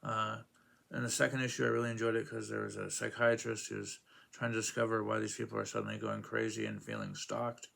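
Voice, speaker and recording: A man's voice: on the low side, level tone, fairly quick, creaky, fairly bright tone. A man casually reviewing comic books, rambling with many fillers and acting out quoted lines in a raised voice.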